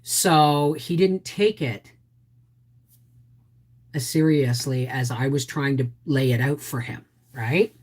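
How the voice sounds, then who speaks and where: A middle-aged woman hosting a live stream, telling a family story with animated acted-out quotes and frequent asides of "right?". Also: a bass voice, slow pace, long pauses. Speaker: homestead channel host.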